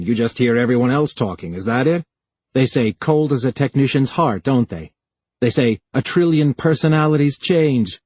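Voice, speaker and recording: Brief: narrator doing a young male official, husky, clipped and resentful, dry sound. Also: medium pitch, no room sound, lightly acted. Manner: bitter, sharp retorts. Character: young male time official, tense and defensive.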